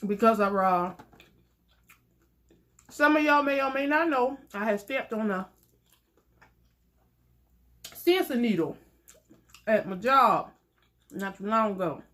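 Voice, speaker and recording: A woman's voice: a little high, animated, takes it slowly, pauses often, a bit bright. A young woman chatting playfully to her viewers while eating, laughing often as she talks. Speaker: mukbang vlogger. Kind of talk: casual chat while eating.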